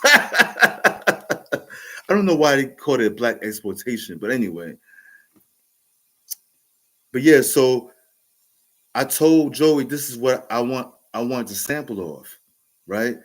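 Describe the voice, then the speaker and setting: A man's voice: mid-range voice, big pitch swings, takes it slowly, long pauses, a bit bright. A man in his forties with a New York accent, telling a casual, rambling story with frequent restarts and fillers. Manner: rambling, laughs often, many restarts and fillers. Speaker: podcast host telling a story.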